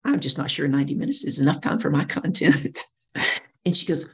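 A middle-aged woman with a gravelly edge to her voice tells stories as an interview guest. She talks with vivid energy and acts out the people she quotes. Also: sits low, a little fast. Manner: animated storyteller acting out quoted voices. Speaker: guest speaker and coach. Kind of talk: storytelling interview.

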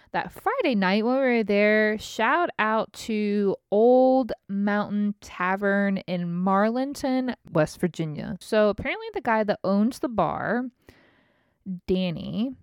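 A woman in her thirties tells a rambling, profane story. Her voice is smooth and clear, at a middling pitch. The sound is dry, with no room echo. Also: animated, takes it slowly. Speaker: podcast host. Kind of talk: casual chat.

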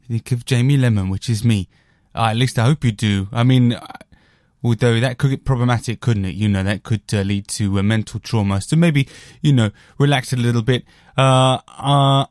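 A man's voice: medium pitch, a little mellow, dry recording, clean studio sound. A British man hosting a casual music monologue, rambling and self-deprecating with lots of fillers. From Britain. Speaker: podcast host reviewing albums.

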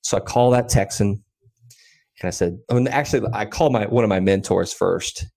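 Guy in his 30s, kinda low voice, telling a story on a podcast, quick and chatty with lots of likes and ums. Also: vocal fry. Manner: animated, quick anecdotal telling with many fillers. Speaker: podcast guest, land investor. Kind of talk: casual storytelling in an interview.

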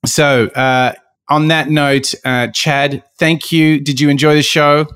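Smooth-voiced upbeat podcast host. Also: male voice, fairly high pitch, flat delivery, takes it slowly, fairly bright tone, dry recording, clean studio sound. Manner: upbeat, chatty, playful. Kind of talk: casual podcast sign-off.

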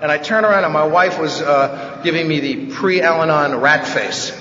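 Man from the Bronx, fairly high voice, wry joking storyteller at a recovery meeting, caught from afar in a big echoing hall on a dull recording. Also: moderate pace, bright, forceful tone, slight background noise. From the Bronx, New York. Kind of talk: personal recovery talk, humorous storytelling. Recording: echoey hall, distant mic, dull sound.

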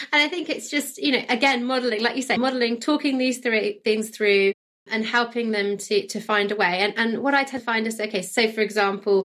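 A woman guest expert explaining her ideas in a calm, upbeat conversational way. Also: on the high side. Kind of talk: conversational interview.

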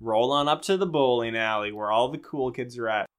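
A man's voice: medium pitch, fairly quick, clear, resonant tone. A young man co-hosting a podcast, telling a rambling, self-deprecating story in casual chat. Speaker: podcast co-host.

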